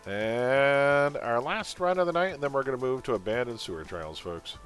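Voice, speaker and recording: A man's voice: mid-range voice, expressive, moderate pace, fairly bright tone, soft background music. A man chatting casually on a live game stream, rambling and opinionated, often calling his viewers folks. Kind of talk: casual gaming stream chat.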